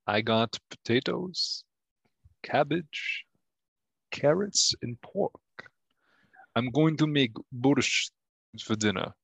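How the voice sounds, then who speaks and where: Comic Russian husband, proud and deadpan, strong Russian accent, played by a man; dry, close recording. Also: mid-range voice, takes it slowly, gravelly, pauses often, slightly rough, dry recording, full character voice. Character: boastful Russian immigrant husband, smug. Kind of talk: comedy sketch acting.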